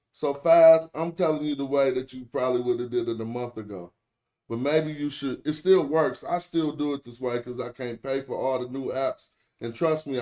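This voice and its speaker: A man's voice: medium pitch, a little mellow. A man hosting a casual online tutorial, talking loosely and slangily to his viewers and often correcting himself mid-sentence. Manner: slangy, chatty address to viewers. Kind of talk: casual screen-share tutorial.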